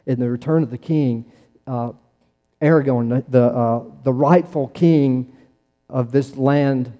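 A man preaching a sermon, halting often with restarts and fillers as he tells stories to the congregation. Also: medium pitch, highs cut off. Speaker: pastor. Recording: long hall reverb.

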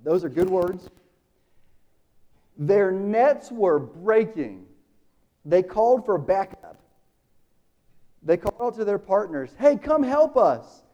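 A man preaching a sermon, casual and animated, acting out the dialogue in the story. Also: sits high, takes it slowly, long pauses, highs cut off.

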